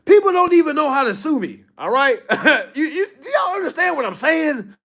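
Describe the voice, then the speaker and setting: A man's voice: very high-pitched, normal speed. A man coaching his clients in a blunt, preachy talk, teasing them and asking "All right?" again and again. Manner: animated, mocking and laughing at his audience. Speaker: business coach addressing clients.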